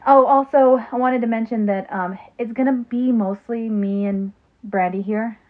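A woman's voice: fairly high pitch, steady tone, moderate pace. Chatty woman podcaster on a tinny phone. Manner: chatty, laughs often, trails off with ums. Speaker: podcast co-host. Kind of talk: casual chat. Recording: phone-like narrow sound.

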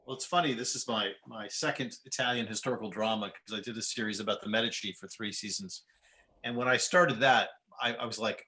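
Bright, low-pitched male series creator. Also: fairly quick. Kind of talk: interview answers.

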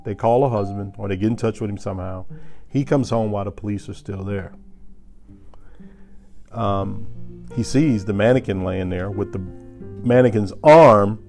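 A man casually telling a story to a listener, animated and chuckling, getting louder at the tense moments. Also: on the low side, normal speed, vocal fry, pauses often, soft background music.

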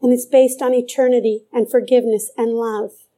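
A woman's voice: a little high, flat delivery, normal speed, warm tone. A middle-aged woman preaching a sermon with fervor, repeating phrases for emphasis.

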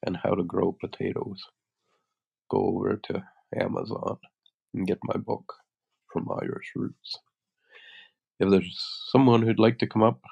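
A man with a head cold and a congested, stuffy voice, hosting a live audio chat room in a relaxed, rambling way. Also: deep voice, vocal fry, breathy edge. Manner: relaxed, rambling host patter. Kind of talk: casual chat. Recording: dull lo-fi sound.

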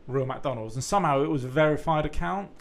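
A man's voice: on the high side, fast talker, gravelly. A man with a sweary, rambling storytelling manner, chatting casually on a podcast.

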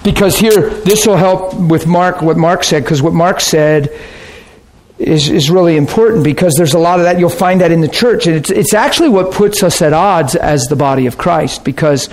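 Animated male preacher telling a story. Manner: animated, acts out quotes with big pitch jumps. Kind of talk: sermon storytelling.

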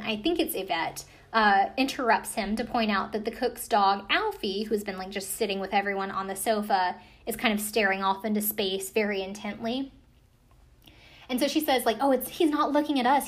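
A woman's voice: mid-range voice, a bit bright. Sarcastic American woman recapping. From United States. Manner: sarcastic, skeptical, filler-heavy rambling. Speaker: commentator recapping a ghost-hunting show. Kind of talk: casual chat.

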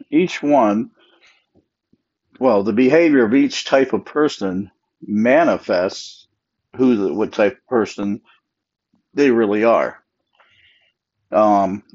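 A man's voice: fairly low pitch, a little mellow, muffled recording. A sleepy man talking on a casual solo podcast, yawning and rambling with many fillers. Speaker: podcast host.

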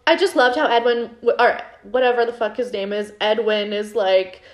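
A young woman from the United States co-hosting a podcast, chatting casually and expressively. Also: on the high side. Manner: expressive, quick to laugh, animated. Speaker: podcast co-host. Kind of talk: casual recap chat. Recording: echoey room.

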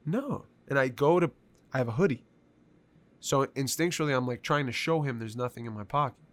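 A man telling a story in casual conversation, animated and profane, with lots of filler words. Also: medium pitch, a little fast.

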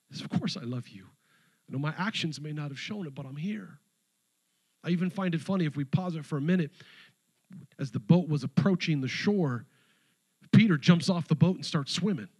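Husky animated preaching man. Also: medium pitch, poor audio. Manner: animated preaching, swinging between loud exhortation and hushed storytelling. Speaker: pastor. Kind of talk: sermon.

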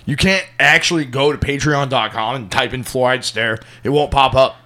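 A man's voice: medium pitch, moderate pace, bright, forceful tone. A man co-hosting a podcast, bantering and teasing in casual chat from a standing desk mic. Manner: bantering, teasing, laughs often. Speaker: podcast co-host. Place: podcast studio.

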